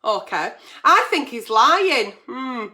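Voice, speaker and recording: A woman's voice: fairly high pitch, big pitch swings, takes it slowly, sharp tone. A middle-aged woman hosting a live-stream advice show, chatty and swearing freely as she reads out viewer comments and letters. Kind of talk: live-stream agony aunt chat.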